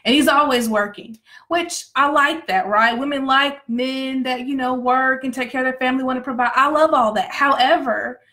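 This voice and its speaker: A woman with a somewhat high voice speaks frankly and animatedly, calling out to her viewers directly. She sounds like she is sharing candid marriage advice alongside her husband in a livestream chat. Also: steady tone, moderate pace, few pauses, bright, forceful tone. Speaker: pastor's wife. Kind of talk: candid couple talk on a livestream.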